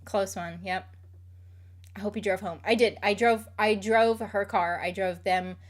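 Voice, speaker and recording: Young woman streamer, mid-pitched, loose rambly delivery full of "like". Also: steady tone, measured pace. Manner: rambling, filler-heavy, frequent "like". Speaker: streamer answering chat questions. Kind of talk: casual chat.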